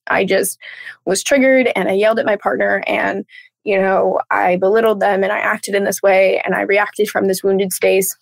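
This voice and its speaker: Bubbly woman coach on a podcast, bit of vocal fry, dry close mic, jumps into silly little voices. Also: mid-range voice, moderate pace, no echo. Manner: bubbly, animated, playful voices for her inner thoughts. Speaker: podcast guest, trauma and relationship coach. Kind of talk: casual podcast interview.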